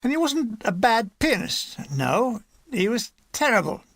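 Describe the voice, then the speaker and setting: Lively man reading a war memoir. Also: very high-pitched, a little slow, creaky, no room sound. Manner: lively, animated reading with put-on character voices. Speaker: audiobook reader. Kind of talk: audiobook narration of a war memoir.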